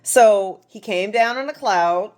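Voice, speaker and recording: An American woman giving an informal Bible teaching to a small group at home, animated, acting out quotes as she talks to the room. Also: medium pitch, takes it slowly. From United States.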